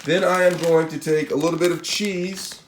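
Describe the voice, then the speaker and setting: A man's voice: fairly high pitch, steady tone, moderate pace, roomy sound, noisy background. A man with a Spanish accent giving a casual step-by-step cooking demonstration, often checking in with "all right?" and "okay?". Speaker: cooking channel host.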